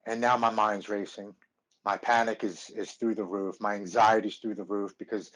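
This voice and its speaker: A man in his thirties, a podcast guest, telling his recovery story earnestly, stopping and restarting often. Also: on the low side. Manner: earnest, halting with many restarts. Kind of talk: personal recovery story, casual chat.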